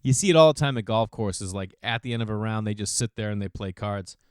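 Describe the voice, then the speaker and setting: A man in his thirties hosting a podcast, rambling through casual opinions with sudden jumps in pitch. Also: quick pace, clean tone, no room sound, clean studio sound. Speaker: podcast host. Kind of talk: casual monologue.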